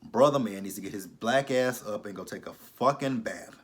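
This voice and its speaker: Man, fairly low voice, casual show recap, profane, exasperated. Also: moderate pace. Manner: blunt, profane, exasperated commentary. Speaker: TV show reviewer.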